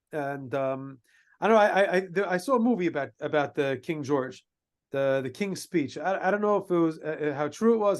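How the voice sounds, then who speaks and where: A man, a rabbi, telling a story in a sermon, halting with many restarts and using Hebrew and Yiddish terms. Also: on the high side, a little mellow. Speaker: rabbi giving a talk.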